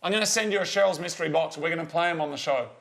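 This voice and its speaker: An Australian man co-hosting a casual show, playful, excitable and rambling. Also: on the high side, very fast, creaky. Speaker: co-host. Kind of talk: casual chat.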